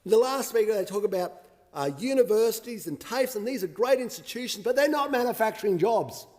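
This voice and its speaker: An Australian man with a high voice argues his point in a sarcastic, combative parliamentary speech. His words ring out with a long reverb through a large chamber. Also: lively intonation, brisk, a little mellow. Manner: combative and sarcastic, mocking opponents. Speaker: member of parliament.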